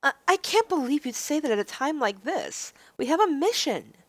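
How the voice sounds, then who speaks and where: A woman's voice: high-pitched, sing-song, normal speed, no echo, voice pushed up. A woman voicing a flustered, stammering young heroine. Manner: stammering, pleading. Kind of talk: visual novel read-aloud.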